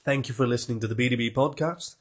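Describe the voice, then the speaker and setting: A man's voice: mid-range voice, quick pace. A man hosting a podcast, wrapping up in a wry, self-mocking, rambling way. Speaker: podcast host. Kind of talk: casual podcast sign-off.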